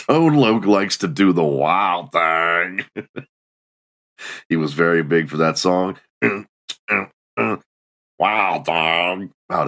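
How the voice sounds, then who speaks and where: A man's voice: low voice, fairly bright tone. A middle-aged man hosting a solo comedy podcast, sarcastic and mocking, acting out little scenes. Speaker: podcast host.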